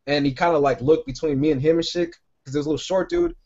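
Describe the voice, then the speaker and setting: A man's voice: on the high side, fast, a little mellow, muffled recording. A man co-hosting a podcast, telling a long rambling story full of profanity in casual chat. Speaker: podcast co-host.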